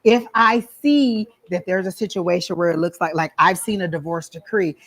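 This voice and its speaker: A woman's voice: lowish voice, normal speed, husky, poor audio. A woman teaching a class on psychic reading, talking casually and telling stories with frequent ums. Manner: chatty storytelling with frequent ums. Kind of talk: casual teaching talk to a small group.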